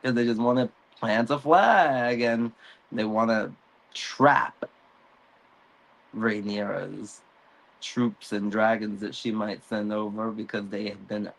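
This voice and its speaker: A man hosting a casual recap show, relaxed, chuckling often, with many fillers. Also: fairly low pitch, rough recording.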